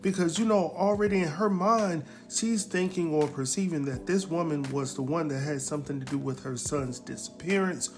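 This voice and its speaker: A man recapping a TV episode in a casual, animated way, exclaiming and chuckling as he talks straight to his viewers. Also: on the high side, normal speed, few pauses, faint music behind.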